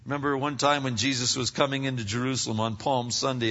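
A bright, forceful male preacher delivers a sermon, rising to loud emphatic peaks and falling to near-whispers. His voice rings through a large hall with a long reverb. The sound is slightly dull and muffled. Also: fairly even intonation, fast talker, few pauses. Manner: dramatic swings between loud emphatic peaks and hushed low passages. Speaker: pastor.

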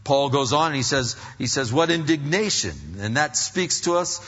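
A man delivers an earnest sermon in a bright, somewhat husky voice that sits a little high. He stumbles and restarts phrases and slips into the voices of his listeners. The sound is dull and lo-fi, ringing with the long reverb of a hall. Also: animated, moderate pace. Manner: earnest preaching with repeated restarts and acted-out inner voices. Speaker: pastor.

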